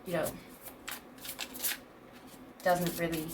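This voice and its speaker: A woman's voice: lowish voice, flat delivery, drawn-out words, a little hiss or hum. A woman in her twenties giving a casual tarot reading, rambling and hesitant with many fillers and restarts, laughing often between thoughts. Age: 20s. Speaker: tarot reader.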